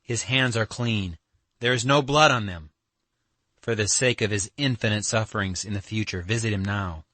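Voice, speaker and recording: In a classic audiobook, a male reader voices an earnest young man who presses his plea with merciless, forceful emphasis. The voice is lowish yet bright, at normal speed, and recorded close and dry with no room sound or echo, giving an insistent, pleading mood.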